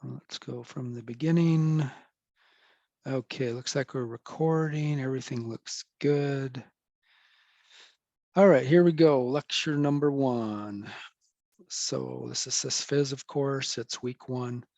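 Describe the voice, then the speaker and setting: A man's voice: mid-range voice, takes it slowly, creaky, darkish tone, dry recording. A middle-aged man, a professor, giving a casual, rambling recorded lecture and correcting himself as he goes.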